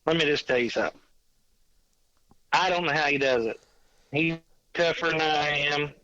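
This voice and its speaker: A man, a podcast guest calling in by phone, telling a hunting story in a rambling, animated way. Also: a little high, normal speed. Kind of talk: casual chat. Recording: dull lo-fi phone line.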